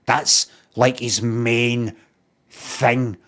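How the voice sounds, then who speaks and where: A man's voice: medium pitch, steady tone, extremely slow, fairly bright tone. A Scottish man streaming, talking in a rambling, sweary way with lots of ums and uhs. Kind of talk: casual rambling monologue.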